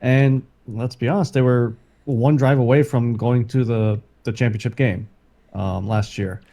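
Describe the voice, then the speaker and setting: A man's voice: medium pitch, steady tone, a little slow, warm tone. A man co-hosting a casual sports podcast, laid-back and a bit hesitant. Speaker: podcast co-host.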